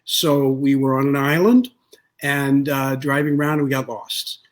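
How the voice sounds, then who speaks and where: Man, guest author, interview, thoughtful, unhurried, pauses with uh, mid pitch. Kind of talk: relaxed storytelling in an interview.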